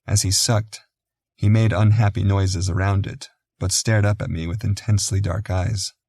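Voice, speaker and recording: A man reads a first-person audiobook in a deep voice with plenty of vocal fry. His delivery is measured and quiet, and the recording is close and dry. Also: little pitch movement, no room sound. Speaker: audiobook narrator.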